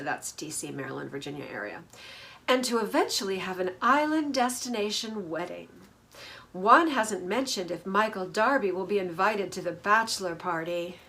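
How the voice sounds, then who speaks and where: A woman's voice: mid-range voice, lively intonation, moderate pace, a bit bright. A woman hosting a casual reality TV recap, snarky and gossipy, laughing at the drama.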